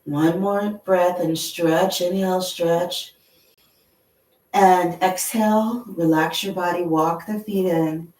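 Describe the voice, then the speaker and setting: A woman leading a yoga class, gently talking students through stretches and breathing and checking in with "okay?". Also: lowish voice, steady tone, roomy sound, recorded from a distance, poor audio. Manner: slow, gentle and encouraging, with frequent "okay?". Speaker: yoga instructor. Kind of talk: guided yoga class instruction. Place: yoga studio.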